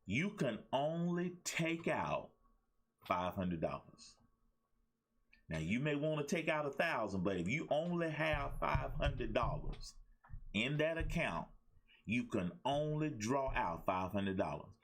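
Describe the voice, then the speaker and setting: Male motivational host, husky, sermon-like repetition, lively pitch. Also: slow pace. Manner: preachy, repetitive, call-and-response asides. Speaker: life coach and talk show host. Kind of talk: motivational livestream talk.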